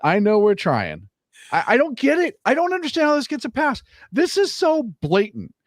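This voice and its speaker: A man's voice: very high voice, wildly swooping pitch, normal speed, no echo, clean studio sound. A man co-hosting a podcast, giving emphatic, indignant political commentary full of rhetorical questions. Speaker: podcast co-host.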